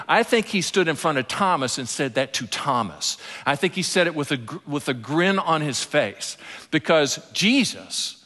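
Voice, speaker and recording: Lively preacher man in echoing hall. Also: a little high, a little slow. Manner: animated storytelling preacher, drops to soft asides. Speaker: pastor. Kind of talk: sermon. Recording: long hall reverb.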